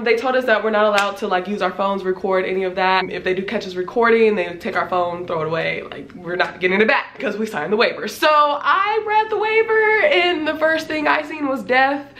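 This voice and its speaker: A woman in her twenties with a congested voice, casually telling a storytime tale with animated delivery, laughing often and filling her talk with "like.". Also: mid-range voice. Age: 20s. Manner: animated, laughing, lots of "like" fillers. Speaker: vlogger. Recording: roomy echo, faint background noise.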